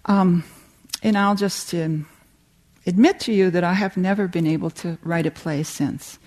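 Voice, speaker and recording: An older American woman giving a warm, humorous talk on creativity, telling stories and reading slowly from a book. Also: fairly low pitch. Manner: warm, humorous storytelling with slow reading passages. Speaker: meditation teacher giving a talk.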